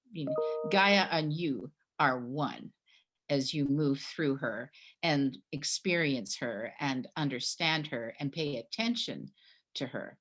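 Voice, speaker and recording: A middle-aged woman from Canada, a guest telling a personal story in a conversation, animated and acting out the dialogue. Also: rumbling low, takes it slowly. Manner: animated storyteller, acts out her own past dialogue.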